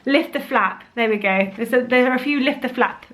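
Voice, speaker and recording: A young woman chatting casually about her favourite bedtime picture books, animated, with playful put-on voices. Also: a little high, brisk. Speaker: vlogger reviewing children's books. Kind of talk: casual chat.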